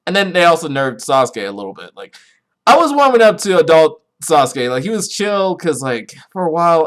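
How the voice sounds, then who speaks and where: A young man hosting a podcast, rambling casually and swearing a lot, with his voice jumping up when he gets excited. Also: moderate pace. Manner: rambling, profane, excitable, pitch jumps when worked up. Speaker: podcast host. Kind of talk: casual solo chat about anime.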